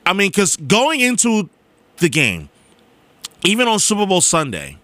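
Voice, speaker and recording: A young man with a high voice speaks straight to his audience at a measured pace, telling stories in an animated, emphatic, and repetitive way much like a radio host. There's no echo in the recording.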